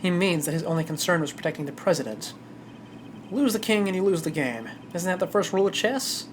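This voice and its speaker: A streamer voicing a precise, composed male prosecutor with measured, formal delivery while reading a game aloud. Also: medium pitch, fairly even intonation, a little hiss or hum, natural voice.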